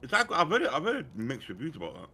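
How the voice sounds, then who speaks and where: Quick, teasing man. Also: fairly high pitch, huge pitch swings, sharp tone, breathy edge. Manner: teasing, blunt. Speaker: co-player. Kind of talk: casual banter while gaming.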